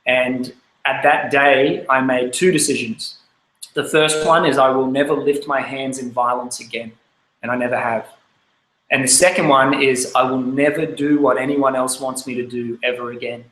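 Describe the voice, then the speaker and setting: A man in his thirties with an Australian accent telling his life story, candid and lively as he acts out his younger self. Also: medium pitch, normal speed, roomy sound, poor audio. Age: 30s. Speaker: speaker. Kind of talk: personal life story talk.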